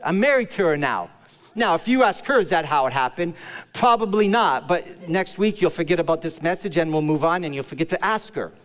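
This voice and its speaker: Male pastor, slightly high voice, playful storytelling sermon, sinks low and soft for the serious points, long church-hall reverb. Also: animated, brisk. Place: church service.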